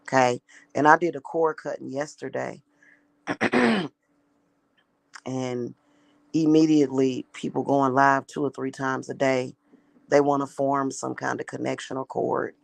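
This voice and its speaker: A woman's voice: rumbling low, fairly even intonation, unhurried, gravelly, pauses often, no room sound. A woman talking casually in a vlog monologue, rambling and repeating herself with emphatic restarts. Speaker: spiritual practitioner.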